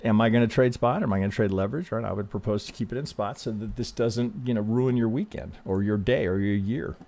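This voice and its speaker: A man hosting casual chart analysis, speaking in a calm, reassuring way, often restarting sentences and checking in with "right?". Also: lowish voice, quick pace, vocal fry. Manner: conversational, frequent restarts, ends thoughts with "right?". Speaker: trading analyst host.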